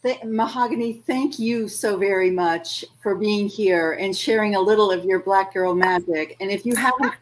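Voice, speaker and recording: A woman's voice: mid-range voice, rough recording. Woman host giving gushing thanks. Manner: warm thanks and gushing praise. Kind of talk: hosting a virtual art fair.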